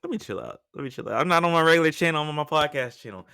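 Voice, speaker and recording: Casting note: young male podcaster, smooth clear voice, dry close sound, slangy and animated. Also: a little high, rapid-fire, no room sound. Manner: animated, slangy storytelling with frequent asides. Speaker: podcast host. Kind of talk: casual podcast monologue.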